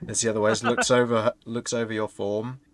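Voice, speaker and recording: A man's voice: on the low side, flat delivery, normal speed, no echo. A man narrating as game master of a tabletop game, describing scenes with frequent restarts.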